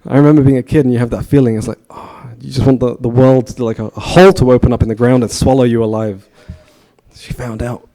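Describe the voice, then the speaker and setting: Mellow-voiced guy telling a story at a temple talk, chatty, keeps asking the crowd questions. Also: mid-range voice, fairly even intonation, quick pace. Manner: chatty, asks the audience questions. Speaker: speaker giving a temple talk. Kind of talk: storytelling sermon.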